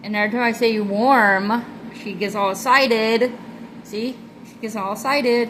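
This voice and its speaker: A woman with a slightly high voice talks casually into a phone camera at home, rambling about her pet. She drifts into affectionate baby talk now and then. Faint room ambience sits behind her. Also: steady tone, a little slow, fairly bright tone, a little hiss or hum, rough recording. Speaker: pet vlogger. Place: home room by a reptile enclosure.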